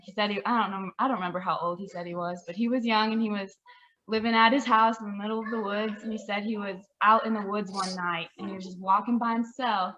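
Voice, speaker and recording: A woman casually telling a family story, animated and often laughing as she recalls it. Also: medium pitch, quick pace. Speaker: family member sharing memories. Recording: slightly muffled audio.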